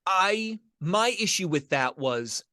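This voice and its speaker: A middle-aged man from the northern United States, co-hosting a casual podcast chat with a joking, animated manner and quick restarts. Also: sits high, no echo, studio quality. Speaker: podcast co-host.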